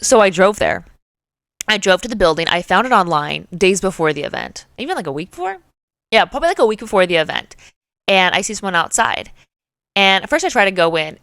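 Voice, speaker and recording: A young woman hosts her own show, telling a story in a casual, chatty way. Her voice sits at a middling pitch but swoops up and down a lot, and she packs her sentences with fillers. The sound is dry, with no room around it. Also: dry recording. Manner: chatty, animated, filler-heavy. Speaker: podcast host.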